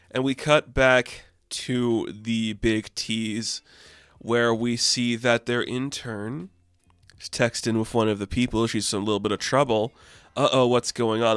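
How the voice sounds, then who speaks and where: A chatty, animated man reviews a comic issue in a casual recap, sprinkling his talk with fillers. His mid-pitched voice is smooth and resonant. The recording is close and dry. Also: no echo.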